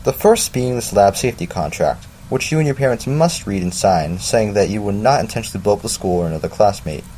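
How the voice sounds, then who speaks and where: A man voicing a small, energetic male science teacher in a put-on Southern drawl, theatrical and grinning. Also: fairly low pitch, a little fast, few pauses, a little hiss or hum, lightly acted. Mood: brisk.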